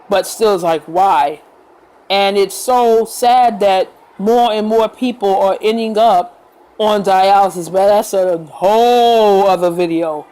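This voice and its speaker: A woman talks straight to her viewers in a casual vlog. Her tone is earnest and gentle, reassuring rather than showy. She takes her time, pausing and filling gaps with small sounds as she thinks. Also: mid-range voice, low-quality recording. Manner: unhurried, with fillers and pauses. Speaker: vlogger. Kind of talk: casual talk to camera.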